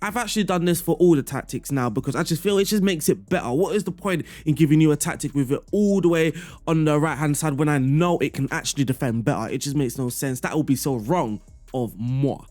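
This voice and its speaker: A man with a somewhat raised pitch walks through a video game strategy in a relaxed, upbeat way. He keeps it playful, dropping little chuckles and asides as he goes. Quiet music sits faintly behind his voice. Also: brisk. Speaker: video game tactics creator. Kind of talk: casual gameplay walkthrough commentary. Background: faint background music.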